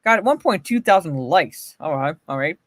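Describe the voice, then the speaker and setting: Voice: medium pitch, animated, moderate pace, a bit bright, dry recording. This is a livestream host riffing to chat from a home setup, swearing freely and laughing between remarks. The voice sits in a middle register and the sound is dry and close. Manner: blunt, profane, often laughing, greets chatters by name. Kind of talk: casual livestream commentary.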